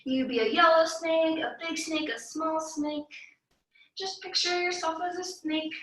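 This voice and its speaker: A young woman leads a kids' yoga class in a high, bright voice, cheerful and encouraging. She takes her time over each cue. The sound bounces around a very echoey room, and she stands some way back from the mic. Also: steady tone, a little slow, recorded from a distance. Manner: upbeat and encouraging, with sung cues and playful animal sounds. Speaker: kids yoga teacher. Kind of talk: guiding a children's yoga class.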